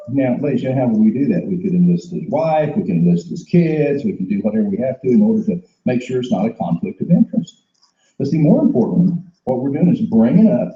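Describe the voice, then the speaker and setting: Dark-voiced man coaching a crowd. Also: mid-range voice, echoey room, muffled recording. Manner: emphatic and repetitive, acting out sales dialogues. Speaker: sales trainer. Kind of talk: motivational training talk.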